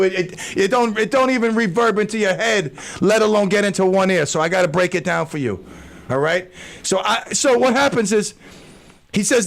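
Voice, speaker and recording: A man's voice: sits high, creaky. A man hosting a talk radio show, rambling in a casual monologue with stammers, restarts and jokes.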